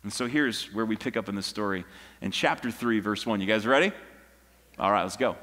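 A pastor preaching a sermon in a church, telling a story casually and prompting the congregation to join in. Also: male voice, on the low side, fairly quick, long reverb tail. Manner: conversational, animated storytelling with audience prompts. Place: church auditorium.

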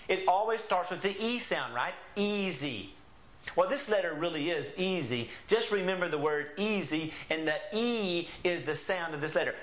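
Patient Spanish teacher, echoey room. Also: male voice, high-pitched, fairly bright tone. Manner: patient, drawn-out model pronunciations. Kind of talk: classroom lesson.

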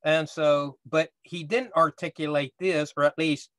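A man's voice: fairly high pitch, steady tone, unhurried, a bit bright, no room sound. A man teaching a casual Bible study class, explaining step by step and often checking in with "right?".

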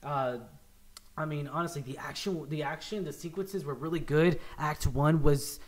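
A man's voice: a little high, normal speed. Upbeat young man hosting a review. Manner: upbeat, rambling, many restarts. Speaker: podcast host. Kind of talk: casual movie review chat.

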